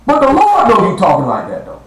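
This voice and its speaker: A man's voice: sits high, wildly swooping pitch, a little fast, a bit bright. A man preaching a blunt, slangy sermon to a small live-streamed gathering, stretching out words for emphasis. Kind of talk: street-style sermon. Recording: echoey live stream room.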